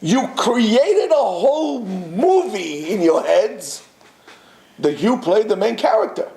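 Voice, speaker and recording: A man teaching a Torah class to students, animated and full of rhetorical questions and restarts. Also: high-pitched, slow, reverberant. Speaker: yeshiva teacher.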